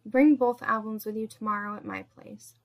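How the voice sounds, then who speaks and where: A woman's voice: mid-range voice, steady tone, normal speed, gravelly, lightly acted. A woman voicing a stern woman who lays out demands in a storybook reading. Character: cold, commanding woman setting tasks.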